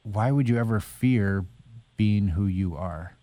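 Man, lowish voice, mellow dark tone, earnest storyteller, dry close recording. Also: a little slow, no echo. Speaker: author and speaker. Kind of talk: conversational interview.

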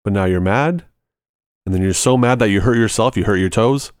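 A man's voice: lowish voice, brisk, clean tone, no echo, clean studio sound. A man hosting a ministry podcast, teaching in a conversational way and walking through everyday examples step by step, repeating short phrases for emphasis.

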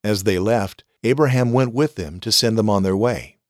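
A man hosting a podcast, reading scripture aloud in a measured, expressive way. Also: on the low side, no room sound, studio quality.

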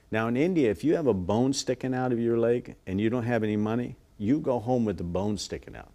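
A man in a TV interview, earnestly telling a story and acting out quoted voices softly. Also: mid-range voice, a little fast, hardly any pauses. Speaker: guest, ministry worker.

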